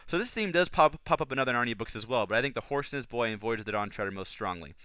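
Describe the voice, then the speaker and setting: A man hosts a podcast in a bright, crisp, clear voice, talking casually and eagerly through his analysis. He rambles and restarts his sentences often, his enthusiasm carrying him along. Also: mid-range voice, expressive, rapid-fire, no echo. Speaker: podcast host. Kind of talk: casual book and film analysis.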